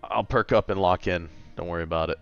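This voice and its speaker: A man's voice: low voice, fast, creaky, clean tone, muffled recording, soft background music. A man in his late twenties chatting casually and a little tiredly on a gaming livestream, reading and answering chat. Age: late 20s. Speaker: gaming streamer.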